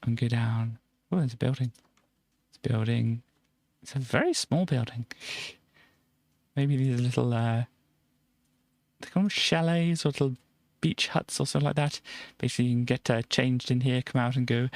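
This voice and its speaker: A man's voice: medium pitch, moderate pace, long pauses, no room sound. A man streaming a game, giving a playful, chatty tour of a build and tossing in silly sound effects. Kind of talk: casual gameplay commentary.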